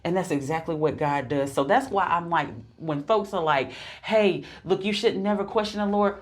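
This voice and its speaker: A woman with a lowish voice co-hosting a faith podcast. She talks in a preaching rhythm, repeating phrases for emphasis and building her points one line at a time. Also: moderate pace. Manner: repetitive, emphatic, preacher-like cadence. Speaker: podcast co-host. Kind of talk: preaching-style faith chat.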